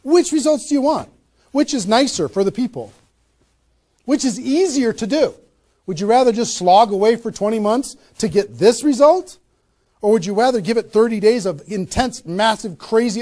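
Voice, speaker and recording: Man, high-pitched trainer voice, punchy motivational delivery, rhetorical questions, live room talk. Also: moderate pace, long pauses. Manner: energetic, emphatic, asks rhetorical questions. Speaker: network marketing trainer. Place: room with a small live audience.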